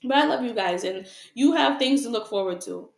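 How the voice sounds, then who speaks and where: A woman's voice: a little high, animated, brisk, vocal fry, echoey room. A woman giving a casual tarot reading to her viewers, frank and repetitive, asking rhetorical questions and laughing often. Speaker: tarot reader.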